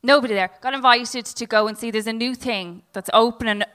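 Bright, slightly high woman, co-host, playful interrupter with deadpan asides. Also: brisk, clean tone. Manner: teasing, interrupts with mock-serious asides. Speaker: podcast co-host. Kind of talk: casual banter.

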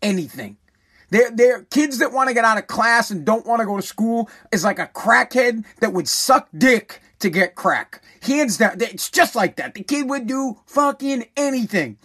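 A man's voice: very high-pitched, expressive, normal speed, sharp tone, breathy edge. A man in his forties, a talk host telling a rambling, profane, repetitive story in a casual monologue. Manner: rambling, profane, repeats himself, emphatic.

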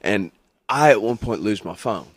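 A podcast co-host telling a funny story, acting out the people in it. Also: male voice, normal speed. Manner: animated, acts out quotes in a lively pitch. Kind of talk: casual storytelling.

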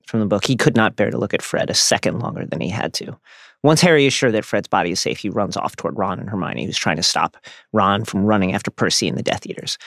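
A man hosting a podcast, reading a scripted literary analysis in a steady, measured way. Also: fairly low pitch, creaky, no echo, studio quality. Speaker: podcast host.

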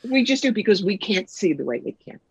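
A middle-aged woman, a guest psychic and author, telling stories in a brisk, wry, punchy way in a casual interview. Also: mid-range voice, sing-song, vocal fry, husky, no room sound. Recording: dull lo-fi sound, dry.

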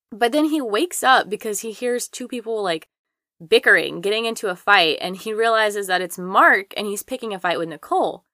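A woman's voice: fairly low pitch, bright, forceful tone, dry recording, studio quality. A young woman co-hosting a podcast, casually retelling a true-crime story with lots of "like" and swearing. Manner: chatty, heavy use of "like" and swearing. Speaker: podcast co-host.

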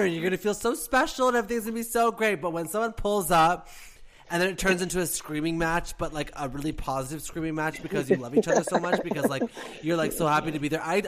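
Animated male drag co-host, raised pitch. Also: fast. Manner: animated storyteller who acts out voices. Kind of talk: casual talk show chat.

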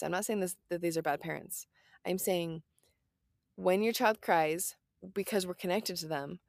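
Recorded dry in a clean studio, this thirty-something woman has a gravelly, medium-pitched voice. Her parenting advice is casual and chatty, delivered earnestly and reassuringly with lots of "like" and "right?" thrown in.

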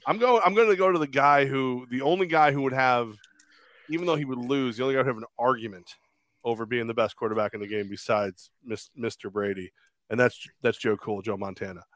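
A man's voice: medium pitch, fairly quick, fairly bright tone, no echo. A man co-hosting a podcast in casual chat, rambling and crude as he tells stories and acts out quotes. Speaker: podcast co-host.

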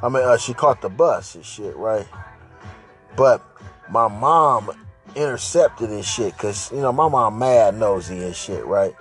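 With a fairly low pitch, lively intonation, and a fairly bright tone, a male podcast host works through a crude comic story at a measured pace. He rambles, repeats himself, and keeps asking the listener "right?" Faint music sits in the background.

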